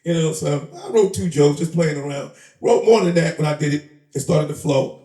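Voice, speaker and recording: A warm, somewhat high male voice at normal speed belongs to a rapper and comedian from the Bronx, New York. As an interview guest at a live event in a shop, he chats casually, laughing and streetwise, acting out the people in his animated stories. The recording has a roomy sound and he's a bit far from the mic.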